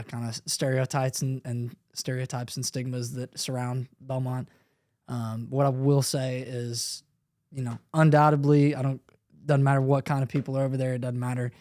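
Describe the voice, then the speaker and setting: A man's voice: mid-range voice, no room sound, studio quality. A man in his twenties from Arkansas, a guest musician talking casually and modestly about his band. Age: 20s. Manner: relaxed, self-deprecating, drifting quieter. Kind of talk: casual interview chat.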